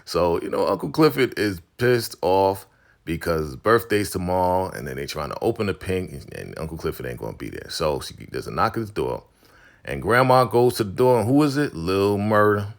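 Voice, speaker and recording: Low-voiced man retelling a TV episode. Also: moderate pace, creaky. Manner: animated retelling, acts out characters' lines loosely, laughs often. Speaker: recap vlogger. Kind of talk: casual episode recap.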